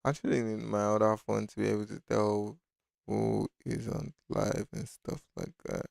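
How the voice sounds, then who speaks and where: A man's voice: fairly low pitch, animated, moderate pace, gravelly, darkish tone, no room sound, clean studio sound. A man hosting a casual live-stream design tutorial, talking loosely and thinking aloud with many fillers. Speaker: design instructor.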